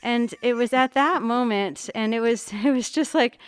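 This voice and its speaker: Animated woman telling a story. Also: a little high, normal speed, clean tone, no echo, studio quality. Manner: animated storyteller, acts out quotes. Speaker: art teacher and mother. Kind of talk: casual storytelling chat.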